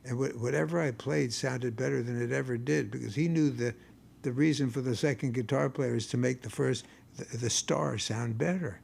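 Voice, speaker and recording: Older male blues musician, very gravelly voice, wry stage patter with a faint hiss behind it. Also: medium pitch, moderate pace, darkish tone. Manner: wry, rambling, with stammered restarts. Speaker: blues guitarist and singer. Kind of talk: storytelling stage banter between songs. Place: concert stage.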